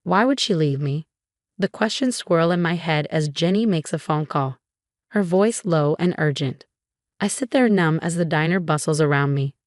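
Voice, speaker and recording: A woman narrates a first-person story in a steady, even read. Her voice sits a little low. The sound is close and completely dry. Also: moderate pace, no echo. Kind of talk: scripted narration.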